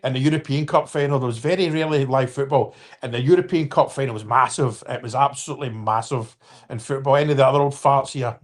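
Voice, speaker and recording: A man's voice: mid-range voice, fast talker, hardly any pauses. A man in his fifties hosting a casual live-stream football chat, rambling with restarts and apologies and talking to viewers by name. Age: 50s.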